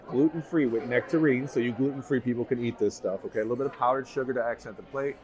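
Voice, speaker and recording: Here a man's fairly quick, medium-pitched voice carries a darkish tone as he reviews food to camera in a busy restaurant. He is enthusiastic, raving about each bite, with diners chattering behind.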